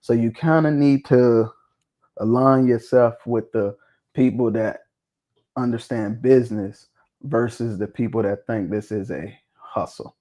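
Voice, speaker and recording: A man hosting a casual talk show discussion, talking bluntly and swearing freely, with an animated, preaching tone. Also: medium pitch, measured pace. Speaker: podcast host.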